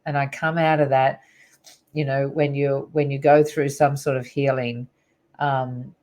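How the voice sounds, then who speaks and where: A woman's voice: a bass voice, level tone, a little slow, a little mellow. A middle-aged woman, a guest on an interview show, earnestly recounting a personal spiritual story in a rambling way with many fillers.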